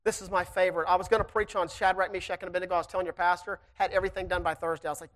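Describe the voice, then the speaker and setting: A man's voice: sits high, fairly even intonation, very fast, hardly any pauses. Storytelling preacher man. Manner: storytelling, rising to loud emphatic preaching. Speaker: guest preacher. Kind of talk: sermon.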